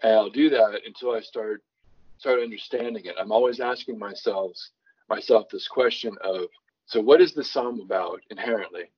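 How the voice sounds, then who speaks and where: This songwriter guest has a husky, low voice, and the audio is muffled. Speaking at a moderate pace, he explains his approach conversationally and thoughtfully, often restarting and giving scripture passages varied emphasis when he reads them.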